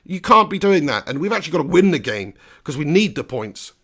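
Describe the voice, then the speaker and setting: Gravelly man hosting a football watch-along. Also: fairly high pitch, a little fast. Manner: chatty, bursts into excited play-by-play. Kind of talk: live commentary and chat reading.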